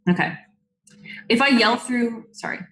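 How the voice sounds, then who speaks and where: A woman's voice: fairly high pitch, a little slow, a bit bright. A woman playing a tabletop game who asks the game master questions hesitantly. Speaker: player. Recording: echoey room.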